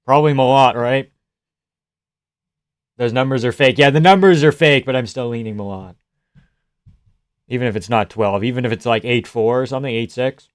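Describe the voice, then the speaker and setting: Guy streaming fight reactions, swears a lot, laughs, yells at big punches, dry close mic. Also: medium pitch, normal speed, pauses often, no echo. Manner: profane, joking, laughs often; reacts loudly to big shots. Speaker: live stream fight commentator. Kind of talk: casual live fight reaction commentary.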